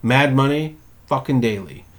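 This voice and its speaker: A young man co-hosting a podcast speaks in a mid-range voice at a moderate pace. He chats casually, curses plenty, and dramatizes quotes while telling animated stories.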